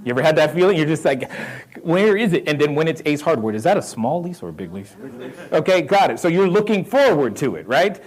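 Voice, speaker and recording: Southern guy hyping up a room, kinda high voice, repeats stuff, keeps asking yes or no. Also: fast talker, breathy edge. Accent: Southern American. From North Carolina roots. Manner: energetic, asks the crowd questions, repeats key lines. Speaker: real estate speaker. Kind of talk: live motivational talk.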